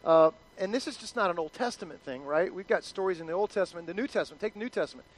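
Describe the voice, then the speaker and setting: A middle-aged male pastor preaching a sermon in an animated, conversational way, acting out quotes. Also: sits high, rapid-fire, poor audio.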